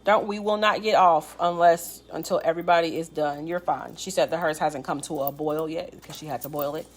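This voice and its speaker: A woman's voice: low-pitched, fairly even intonation, fairly quick. A woman with a Chicago accent co-hosting a live cooking class, chatting and reassuring viewers by name. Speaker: co-host reading viewer comments.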